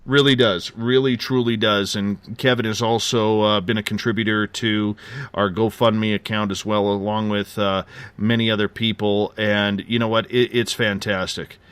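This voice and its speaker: A man's voice: fairly low pitch, level tone, moderate pace, a bit bright, clear, resonant tone, no echo. A man in his forties hosting a radio show, telling a personal story with many fillers and a lot of emotion. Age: 40s. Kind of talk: casual radio chat.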